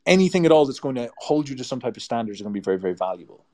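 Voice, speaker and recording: A man's voice: medium pitch, big pitch swings, racing, darkish tone. An Irish man giving a blunt, profane advice monologue to camera, with a strongly musical, up-and-down intonation. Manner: blunt, emphatic and profane, ranting. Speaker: YouTube host.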